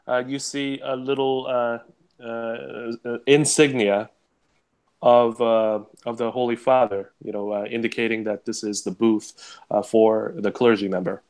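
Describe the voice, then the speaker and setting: A man's voice: mid-range voice, steady tone, a little slow, clean tone. Hesitant man running a tabletop game. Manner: hesitant, many uh fillers. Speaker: game master.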